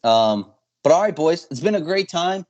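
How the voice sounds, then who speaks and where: A man's voice: on the high side, expressive, normal speed, darkish tone, highs cut off. A young man hosting a podcast, chatting casually and rambling with plenty of fillers and trailing thoughts. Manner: rambling, hesitant, lots of fillers. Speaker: podcast host. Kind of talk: casual chat.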